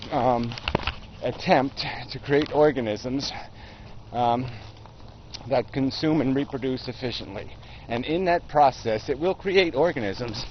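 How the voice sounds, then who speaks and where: A man's voice: medium pitch, highs cut off, slight background noise. A man giving a blunt, profane opinion rant in a casual video blog, with many ums and uhs. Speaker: video blogger.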